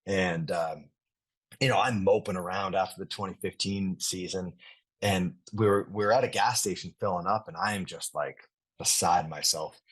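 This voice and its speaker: A man's voice: deep voice, moderate pace, husky. A man, a former athlete casually telling a story in an interview, rambling and swearing freely. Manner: rambling, relaxed, casual swearing, many restarts. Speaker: interview guest, retired athlete.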